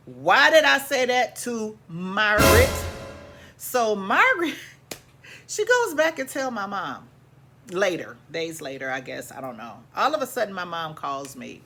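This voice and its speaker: A woman casually telling her own life story to viewers, animated and repeating lines for emphasis, calling her listeners family. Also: lowish voice, normal speed.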